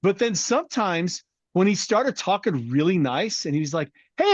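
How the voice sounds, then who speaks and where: A middle-aged man chatting on a podcast, his voice pitched a little high and swinging widely as he acts out quotes. The sound is dull and dry, close to the mic. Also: brisk, hardly any pauses, no room sound. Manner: animated storyteller, swears freely, acts out quotes. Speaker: podcast co-host. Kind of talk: casual chat.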